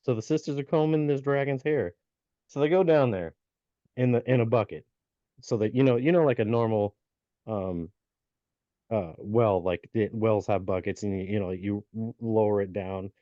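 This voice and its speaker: Here a podcast co-host with a fairly low, dark voice speaks at a moderate pace in a dry recording. His folk tale retelling is casual, peppered with fillers and restarts, and the audio is dull and lo-fi.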